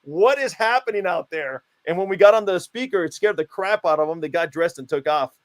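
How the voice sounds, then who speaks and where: Deadpan mock-stern man, fairly high voice. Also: fast talker. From United States. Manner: mock-stern, playfully absurd. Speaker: guest, self-declared country founder. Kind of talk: deadpan comedic interview answers.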